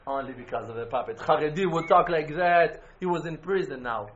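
Man, emphatic religious teacher; high-pitched, faint background noise on a muffled recording. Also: fairly quick. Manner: emphatic, swings from loud exclamations to quiet intensity. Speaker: Breslov Hasidic teacher. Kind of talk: impassioned religious talk.

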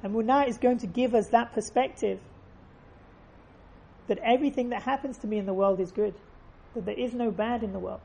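A woman's voice: fairly high pitch, fairly quick, gravelly, dark tone, a little hiss or hum. A woman giving an earnest faith lesson, telling stories and repeating phrases for emphasis. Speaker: religious teacher.

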